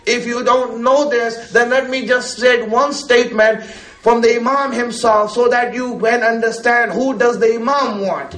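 Guy preaching to a crowd, high voice, chatty, keeps asking the room questions, lots of echo. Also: fairly even intonation, a little slow, fairly bright tone. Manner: conversational, many fillers, asks the listeners questions. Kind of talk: religious talk to a gathering. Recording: roomy echo.

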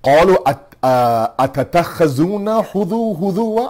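A man giving an earnest sermon-style Quran lesson, asking rhetorical questions, repeating words for emphasis and reciting Arabic verses quickly. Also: a little high, expressive, darkish tone. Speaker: religious teacher.

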